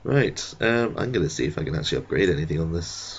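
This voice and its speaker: A man giving casual gameplay commentary in a vague put-on accent that drifts between German and Irish, dry and muttering with sudden high-pitched outbursts. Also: very animated, fast talker, creaky, husky, highs cut off. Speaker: let's play gamer.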